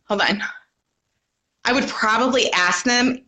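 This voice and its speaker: Speaking into her phone on a livestream, a woman tells her own story in an emotional monologue, agitated, defiant and swearing. Her voice is fairly high, bright and forceful, and she talks a little slowly.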